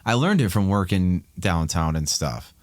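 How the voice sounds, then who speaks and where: A man's voice: low-pitched, lively intonation, moderate pace, no echo. A man in his thirties from Ohio, a podcast guest talking candidly and rambling with many restarts in casual chat.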